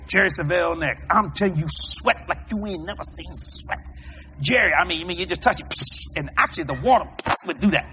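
An American man preaching a sermon, telling stories in an animated way, shouting and laughing as he goes. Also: high-pitched, fairly quick, background noise. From United States. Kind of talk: storytelling sermon.

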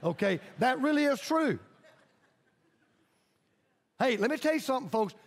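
A man's voice: extremely high pitch, big pitch swings, moderate pace, vocal fry. A man pastor preaching a sermon emphatically, repeating lines for stress and leading his congregation in call-and-response. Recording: long reverb of a large hall.

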